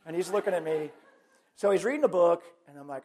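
A middle-aged man, a Catholic priest, preaching in a chatty, animated way with self-mocking humor and personal stories. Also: a little high, fast talker. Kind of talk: lively sermon with personal stories.

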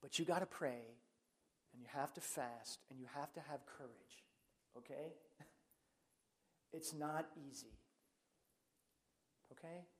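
A middle-aged man, a Catholic priest, preaching in a chatty, animated way with self-mocking humor and personal stories. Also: medium pitch, normal speed. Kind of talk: lively sermon with personal stories.

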